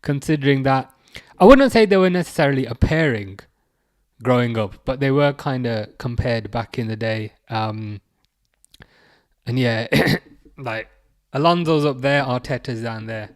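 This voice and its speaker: A man's voice: mid-range voice, measured pace. Chatty English man streaming football. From England. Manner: chatty, reads chat messages aloud, teasing. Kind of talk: casual live-stream chat.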